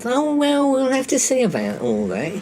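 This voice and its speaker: Brief: high, swooping camp gentleman, sly and suggestive. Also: huge pitch swings, slight background noise. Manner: camp, drawn-out innuendo. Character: camp, fussy male genealogist, suggestive.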